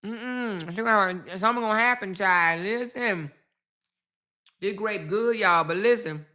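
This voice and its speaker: A woman's voice: medium pitch, a little slow, pushed and bright. A woman hosting her channel, giving blunt, profane casual commentary to her viewers, repeating herself and turning aside to talk to them. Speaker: channel host.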